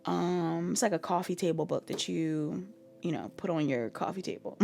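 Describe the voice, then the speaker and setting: A woman's voice: on the low side, normal speed, vocal fry, darkish tone. A sleepy woman giving a casual pick-a-card tarot reading, chatty and rambling, with frequent ums and little laughs. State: sleepy, staying up late.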